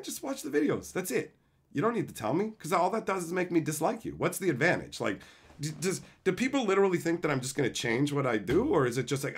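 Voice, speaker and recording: A man streaming live, ranting in an exasperated, profane way about entitled viewers. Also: medium pitch. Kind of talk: livestream rant.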